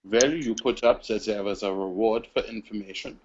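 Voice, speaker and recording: A man's voice: fairly low pitch, darkish tone, highs cut off, lightly acted. A man playing a stooped, hugely muscled male vampire in a tabletop game, speaking bluntly and curtly. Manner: blunt, curt, deliberate.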